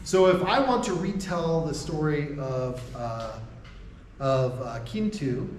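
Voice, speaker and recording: A man's voice: on the high side, takes it slowly, a little hiss or hum. An American man giving a university lecture to faculty in a conversational way, often checking in with "right?" and restarting his sentences. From United States. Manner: laughs between points. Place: lecture room. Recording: echoey room, voice from a distance.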